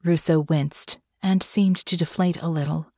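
A woman giving scripted fantasy narration for an audiobook in a measured, steady way. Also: sits low, no room sound, clean studio sound.

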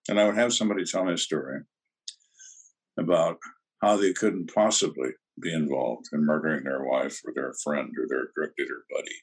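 An older man, a former detective, telling interrogation stories in a dry, deadpan way during an interview. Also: low voice, breathy edge. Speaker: retired detective guest. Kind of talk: storytelling interview answers.

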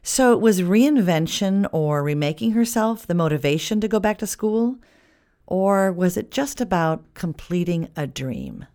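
A woman reads a scripted podcast narration and then asks a question. Her pitch sits a little low but moves around a lot. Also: expressive, measured pace, a little mellow.

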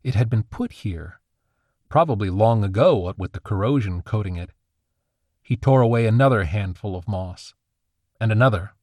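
A man giving a steady, scripted audiobook narration. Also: fairly low pitch, no room sound, studio quality.

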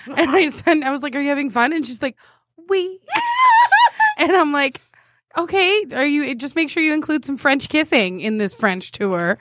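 A woman co-hosting a casual show, teasing her friend in a lively, high voice that swings up and down. She laughs easily, and the sound is close and dry. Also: dry recording. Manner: playful, teasing, quick to laugh. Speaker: radio show co-host. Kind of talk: casual chat.

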